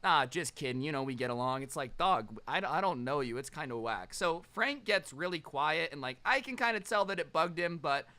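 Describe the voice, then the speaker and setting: A young man telling a casual storytime with a sarcastic, animated delivery. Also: fairly high pitch, brisk, hardly any pauses.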